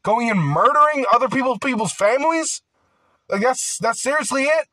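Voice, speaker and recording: A young man in a casual ranting monologue, rambling with constant filler words and swearing, growing loud and heated at times. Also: very high-pitched, lively intonation, moderate pace, no room sound. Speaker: vlogger.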